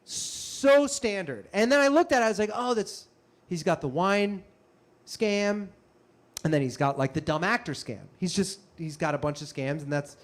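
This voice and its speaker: A young man telling a comic story on stage, animated and self-mocking with quick asides. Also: sits high. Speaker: comedian and storyteller. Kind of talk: live stand-up storytelling.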